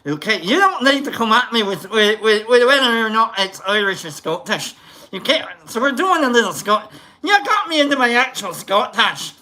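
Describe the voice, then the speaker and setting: A livestream host giving casual, rambling shout-outs to viewers, joking around. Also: medium pitch, sing-song, normal speed. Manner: jokey, rambling, tries silly voices.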